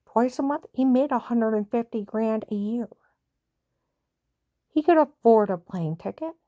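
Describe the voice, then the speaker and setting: A woman's voice: fairly high pitch, a little slow, dark tone, dry recording, clean studio sound. An older woman tells a family story in a plain-spoken, repetitive way, sighing now and then. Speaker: mother telling a family story. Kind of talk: personal storytelling.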